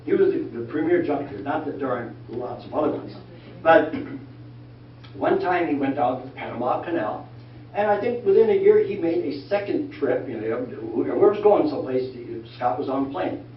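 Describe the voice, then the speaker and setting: An older man telling folksy, animated stories about his working life to a church class, acting out the voices of the people he quotes. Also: a little high, normal speed. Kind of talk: anecdotal storytelling talk. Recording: echoey room from far off, dull lo-fi sound, faint noise.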